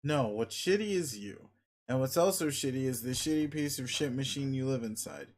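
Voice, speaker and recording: A crude, arrogant young alien brat barks rude, bossy lines, as a man reads the webcomic aloud. The voice sits at an ordinary middle pitch, close to the reader's own. It comes across as a webcomic figure read with voices. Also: moderate pace, lightly acted. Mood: scornful. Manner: rude, bossy, foul-mouthed.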